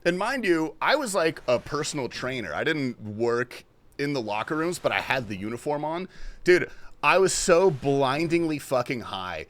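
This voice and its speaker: A young man streaming a game, telling a story in a casual, animated way, swearing and laughing often. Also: on the high side, moderate pace. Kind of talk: casual story-telling chat while gaming.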